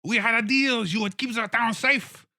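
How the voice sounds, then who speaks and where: High shrill voice, loud and whiny, blustering male mayor, bright tone, as a game master puts him on. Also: moderate pace, heavily acted. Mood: outraged. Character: pompous shrill outraged male town mayor.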